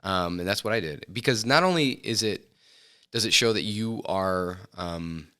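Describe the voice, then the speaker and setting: A middle-aged man talking as a podcast interview guest, thoughtful and halting, with frequent fillers and restarts. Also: on the low side, lively intonation, pushed and bright, clear, resonant tone. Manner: reflective, hesitant with many fillers and restarts. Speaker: filmmaker guest. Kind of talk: casual interview chat. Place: podcast studio.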